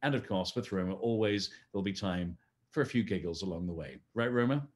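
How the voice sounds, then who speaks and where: A man's voice: low-pitched, brisk. A man hosting a live-streamed fundraising gala, friendly and chatty, talking the audience through donations with frequent fillers. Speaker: host.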